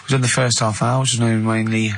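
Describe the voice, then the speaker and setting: A man's voice: mid-range voice, flat delivery, fairly quick, creaky, slight background noise. A middle-aged man hosting a comic radio chat, giggly, teasing and rambling, at a studio microphone. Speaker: radio host.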